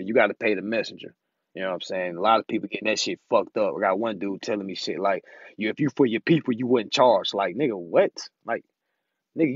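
A man's voice: lowish voice, breathy edge, no room sound. A man teaching consumer law in a casual, profane, emphatic monologue, saying "you know what I'm saying" over and over. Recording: dry, slightly dull lo-fi recording.

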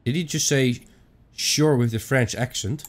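A man giving chatty let's-play commentary on a ghost hunting game, thinking out loud with some non-native phrasing. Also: medium pitch, unhurried. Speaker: gaming YouTuber.

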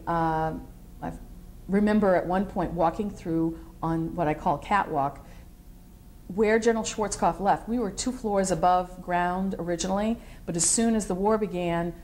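A middle-aged woman with a lowish voice looks back on her military service in an oral history interview, the recording carrying a little hiss or hum. Animated and digressive, she acts out what others said as she tells her stories.

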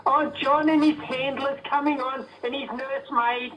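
High-voiced taunting man caller. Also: steady tone, moderate pace, a crowd in the background. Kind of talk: talk radio call. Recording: distant radio recording with faint noise.

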